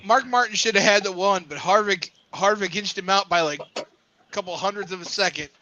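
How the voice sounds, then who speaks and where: A man's voice: high voice, a little fast, pushed and bright, a little hiss or hum. A man co-hosting a podcast, chatting casually about sports with emphatic, teasing remarks. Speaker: podcast co-host. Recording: muffled lo-fi audio.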